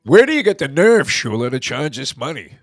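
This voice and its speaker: A man's voice: medium pitch, big pitch swings, fairly quick, dry recording, clean studio sound. A man hosting a casual radio talk show, telling rambling, joking stories.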